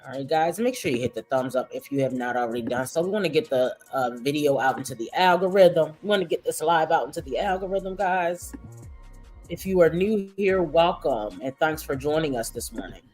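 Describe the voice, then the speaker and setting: A woman's voice: low-pitched, fairly quick, a little mellow, soft background music. A woman hosting casual livestream commentary, talking in a profane, mocking way.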